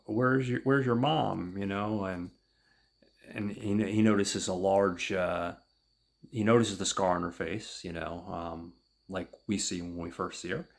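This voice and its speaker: Man, podcast host, casual comic recap; deep voice, slow and halting. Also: fairly even intonation, gravelly. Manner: halting, many fillers.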